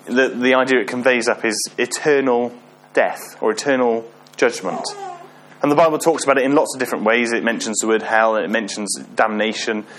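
A man's voice: medium pitch, a bit bright, a little hiss or hum. A man giving an informal sermon, often asking the congregation questions and joking with them. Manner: chatty, asks the audience questions, self-deprecating humor. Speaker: preacher.

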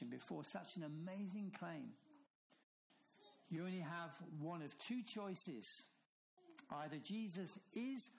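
A man preaching a sermon, emphatic, slowing down and dropping low on key phrases. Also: animated, vocal fry, slight background noise, low-quality recording.

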